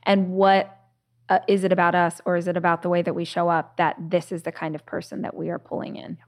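A woman hosting a podcast, her voice sitting a little low for a woman. She talks in a relaxed, reflective way and slips into storytelling, with lots of casual fillers along the way. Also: fast talker. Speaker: podcast host.

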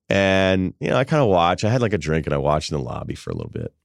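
A man's voice: sits low, very animated, fast talker, vocal fry, few pauses, no echo, clean studio sound. A male podcast host in his forties, telling a rambling, self-amused comic story in casual chat. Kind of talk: casual comedic monologue.

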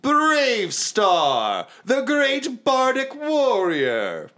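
Dude doing a vain dopey half-orc bard, squeaky high, dragging out every brag. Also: male voice, huge pitch swings, pushed and bright, exaggerated voice. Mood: boastful. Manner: self-important, drawn-out boasting.

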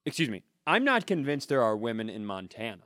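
A man's voice: medium pitch, big pitch swings, brisk, a bit bright, no room sound, studio quality. A man co-hosting a comedy podcast, telling stories in a rambling, self-mocking way. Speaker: podcast co-host. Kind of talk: casual comedic chat.

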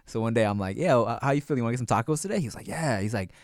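A man's voice: mid-range voice, racing, no room sound, studio quality. A man co-hosting a podcast, telling stories in casual chat with lots of laughs. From United States. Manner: animated storytelling, swearing, laughing often. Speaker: podcast co-host.

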